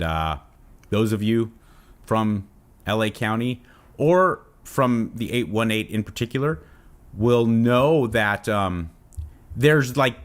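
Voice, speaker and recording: A man from Southern California hosting his own channel, chatting casually to camera and rambling off on tangents. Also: lowish voice. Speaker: fitness channel host.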